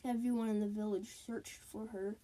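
A woman's voice: fairly high pitch, little pitch movement, moderate pace, mellow, rough recording. A woman telling spooky folk tales aloud, with sound words and sing-song repeated lines. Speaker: storyteller. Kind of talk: spooky storytelling.

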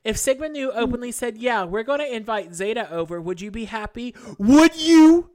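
A woman with a high voice reads an email aloud, giving its curses full dramatic weight. She stays theatrical and expressive in a casual podcast setting. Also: a little fast. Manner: dramatic, profane, laughing readings. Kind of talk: reading an email aloud with commentary.

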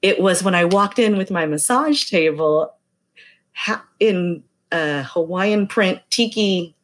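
A woman's voice: lowish voice, animated, slow. Chatty middle-aged woman telling a story. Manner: chatty, acts out quoted voices. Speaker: massage therapist telling a story. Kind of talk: casual storytelling.

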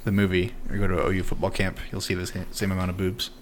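A man's voice: low-pitched, completely flat delivery, racing, slight background noise. A young man co-hosting a casual podcast, tossing in dry teasing one-liners. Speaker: podcast co-host.

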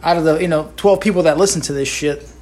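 A woman's voice: sits low, fast talker, a little mellow. A woman hosting a solo podcast, ranting with heavy swearing, sarcasm and constant rhetorical asides. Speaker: podcast host.

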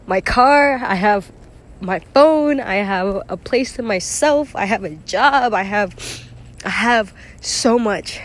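Emotional young woman venting, sighing. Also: fairly high pitch. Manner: rambling, lots of "like", swearing, sighs and nervous laughs. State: emotional, close to tears. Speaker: vlogger. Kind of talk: emotional personal monologue.

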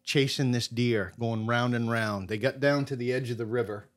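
A man from Maine, a podcast guest, telling a hunting story in a casual, animated way, his voice swinging between loud and soft. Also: medium pitch, moderate pace.

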